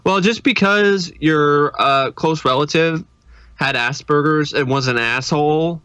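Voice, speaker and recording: A man's voice: fairly high pitch, unhurried, sharp tone, clear, resonant tone, no room sound. A man co-hosting a podcast in casual chat, laughing often. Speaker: podcast co-host.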